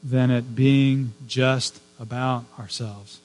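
A man's voice: mid-range voice, fairly even intonation, slow, darkish tone. A man preaching a sermon as a pastor, telling personal stories with casual asides and building to fervent emphasis on his main points. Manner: conversational, digressive storytelling with personal asides.

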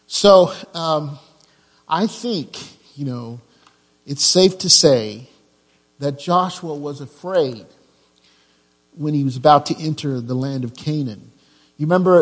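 Man preaching in a reverberant church. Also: on the high side. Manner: repeats key phrases, slow deliberate emphasis. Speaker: pastor. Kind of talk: sermon.

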